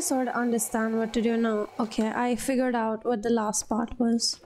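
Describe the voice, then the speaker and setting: Woman gamer, casual playthrough commentary, high voice, exasperated and self-mocking. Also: flat delivery, moderate pace, a little mellow. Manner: exasperated and dramatic, laughing at her own struggles. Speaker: gamer playing through a cooking game.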